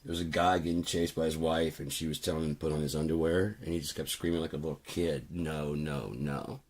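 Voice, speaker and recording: A music producer chats casually on stream in a very deep, flat voice at a quick pace. He rambles and swears, packing his talk with fillers.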